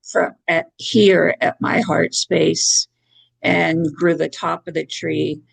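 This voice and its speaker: Slow, gravelly woman with long pauses. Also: low-pitched, dry recording. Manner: slow, hesitant, with many pauses and fillers. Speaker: course participant. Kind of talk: describing a meditation experience. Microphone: video call.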